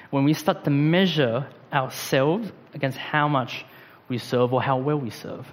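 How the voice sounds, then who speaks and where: Casual young-sounding preacher in a reverberant hall. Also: male voice, a little high. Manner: conversational, slangy, many fillers. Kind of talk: casual sermon.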